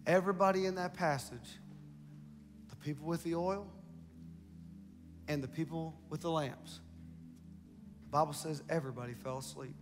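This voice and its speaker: A man's voice: a little high, steady tone, normal speed, long pauses, big-room sound, over music. A man preaching a sermon as pastor, building emphasis and repeating phrases for the congregation. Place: large church hall.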